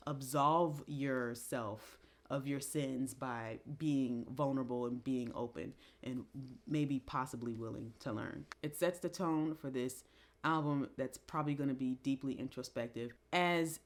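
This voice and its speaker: A woman vlogger casually reviewing an album, musing reflectively with pauses and restarts. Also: a bass voice. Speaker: music commentary vlogger.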